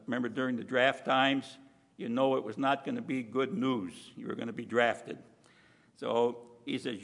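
A man preaching a sermon in a chatty, emphatic way, full of asides and slowed-down stressed words. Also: mid-range voice, vocal fry. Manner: conversational preaching with frequent asides. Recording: long hall reverb.

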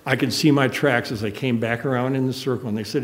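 A man's voice: mid-range voice, steady tone, fast talker, hardly any pauses. An older man preaching a sermon, telling a personal story in an earnest, emotional way. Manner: emotional, earnest, choked up at moments.

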